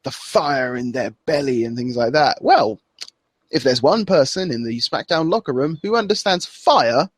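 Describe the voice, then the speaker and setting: A man co-hosting a casual podcast, rambling through a recap and slipping into quick impressions. His voice sits at an ordinary middle pitch. The recording is close and dry, with no room sound. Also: expressive, no echo. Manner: loose and rambling, acts out wrestlers' lines with laughs. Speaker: podcast co-host. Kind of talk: casual chat.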